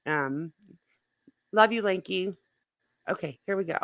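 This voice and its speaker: A chatty woman hosts casual commentary, giggling and filling her talk with likes and ums. Her voice is bright, recorded dry and close. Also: on the low side, measured pace, gravelly, no echo. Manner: giggly, chatty with lots of fillers. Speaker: YouTube commentary host.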